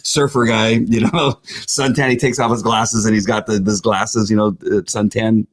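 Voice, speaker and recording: A man's voice: lowish voice, little pitch movement, normal speed. A middle-aged man hosting a show, bantering in a jokey, rambling way with frequent laughs. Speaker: podcast host. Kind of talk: casual banter.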